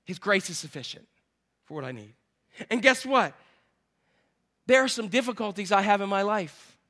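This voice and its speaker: High, bright-voiced man preaching a sermon. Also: normal speed. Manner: animated, shifts between loud exclamations and hushed asides. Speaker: pastor.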